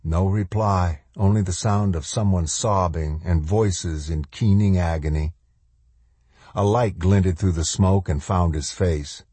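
A man narrating an audiobook in a measured, dramatic storytelling manner. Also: low-pitched, steady tone, warm tone, slightly rough, no echo. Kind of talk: scripted narration.

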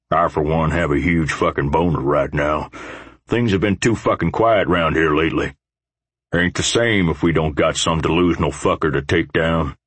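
A man's voice: extremely low pitch, a bit bright, breathy edge, no echo, heavily acted. A man voicing a crude biker who taunts his brothers.

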